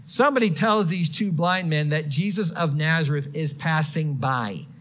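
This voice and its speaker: A man preaching a sermon, moving from quiet explanation to loud, shouted passages. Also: on the high side, normal speed. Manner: expressive, swings from quiet to shouted quotes.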